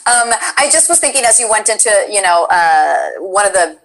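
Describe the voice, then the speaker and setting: A woman's voice: mid-range voice, expressive, normal speed, fairly bright tone, poor audio. A woman hosting a casual interview, chatty and enthusiastic. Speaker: interview host.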